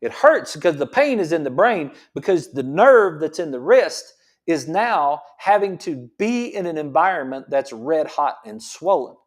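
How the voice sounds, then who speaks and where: A man's voice: a little high, sing-song, moderate pace. A middle-aged man, a chiropractor hosting an informal health talk, repeating his points with emphasis and asking rhetorical questions. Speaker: chiropractor host.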